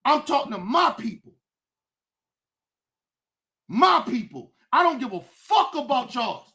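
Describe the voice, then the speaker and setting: This is a woman hosting a livestream rant, her voice high and bright. She speaks angrily, swears constantly, and often rises to a shout. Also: big pitch swings, normal speed. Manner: angry, profane, often shouting. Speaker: streamer, show host.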